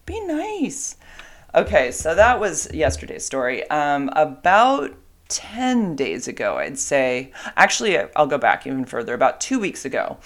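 Middle-aged lady rambling thru a story, lots of ums, chatty and easygoing. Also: sits low. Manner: chatty, rambling, with fillers and asides to her dogs. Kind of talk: casual storytelling monologue.

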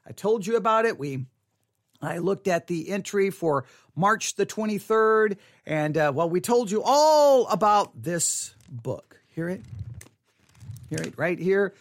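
Guy rambling on his podcast, high voice that jumps all over, dry close studio mic. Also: sing-song, unhurried, dry recording. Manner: rambling, repeats himself, self-interrupting. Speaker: podcast host. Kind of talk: casual devotional podcast monologue.

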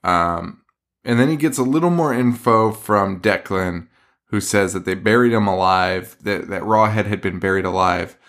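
A man's voice: low-pitched, normal speed, a bit bright. A young man co-hosting a podcast, recapping a film in a loose, profane, laughing way. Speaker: podcast co-host. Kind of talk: casual chat.

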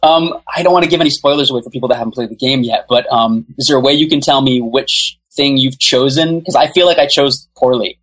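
Male podcast guest, slightly husky, eager and rambling, casual chat. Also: mid-range voice, fast talker, hardly any pauses, a bit bright, low-quality recording. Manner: enthusiastic, rambling with fillers. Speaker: guest, musician.

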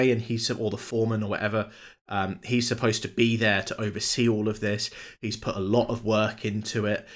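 A man co-hosting a film podcast, chatty and quick to laugh as he explains things at length. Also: lowish voice, a bit bright. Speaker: podcast host. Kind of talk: casual film chat.

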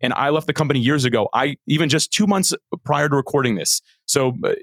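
A middle-aged man, a podcast guest, telling a story in an animated, earnest way with many restarts. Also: medium pitch, fast talker, husky, dry recording. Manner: animated, earnest, frequent repeated starts. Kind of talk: conversational storytelling.

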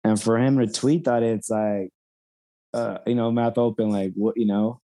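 A man's voice: lowish voice, fairly even intonation, normal speed, warm tone. A man co-hosting a casual podcast, talking in a rambling way full of fillers. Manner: rambling, lots of fillers and "you know". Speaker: podcast co-host. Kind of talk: casual chat.

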